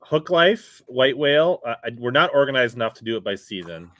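A man's voice: mid-range voice, a little fast. A man hosting a casual live stream, chatting with his guest and reading out viewer comments. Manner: reads viewer comments aloud, lively back-and-forth.

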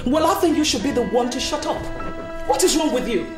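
A woman's voice: high voice, lively intonation, a little fast. A woman with a Nigerian accent playing an outspoken club lady who retorts sharply or coaxes others in a film drama. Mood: retorting. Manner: retorting, then coaxing. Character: outspoken club lady, quick to argue then soothe. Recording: echoey room with music underneath.

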